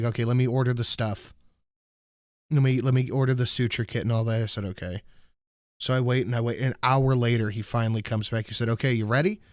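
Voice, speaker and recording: A man's voice: medium pitch, dry recording, studio quality. A middle-aged man casually telling a story, profane and exasperated, acting out both sides of the conversation. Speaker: show host.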